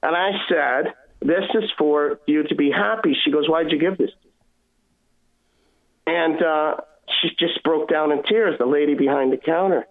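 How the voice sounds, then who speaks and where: A man's voice: fairly high pitch, moderate pace. Earnest man on a tinny phone line. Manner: earnest, emotional retelling with quoted dialogue. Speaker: caller sharing testimony. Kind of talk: personal storytelling. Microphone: phone call.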